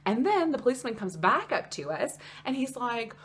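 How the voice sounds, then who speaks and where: A young American woman telling a story in a casual vlog, chatty and animated, with lots of "like" in her speech. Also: a little high, moderate pace. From United States. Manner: chatty, animated, heavy use of "like". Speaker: vlogger.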